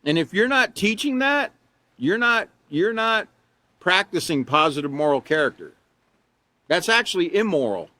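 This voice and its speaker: A man's voice: high voice, very animated, moderate pace, bright, forceful tone, no room sound. A man in his sixties giving a live online class lecture on character education, folksy and rambling with chuckles and asides, and emphatic when he stresses rules.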